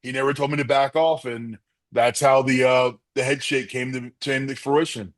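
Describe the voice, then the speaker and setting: A man's voice: medium pitch, moderate pace, no echo. A middle-aged man, a former wrestler, telling stories as an interview guest and acting out the quotes in them. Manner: animated storyteller, acts out quotes. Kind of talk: storytelling interview answers.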